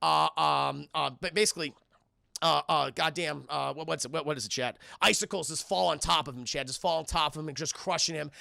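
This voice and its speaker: A man giving a casual, excitable and profane commentary as a cartoon reviewer, often talking to his chat. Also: a little high, a little fast, creaky, no echo, clean studio sound.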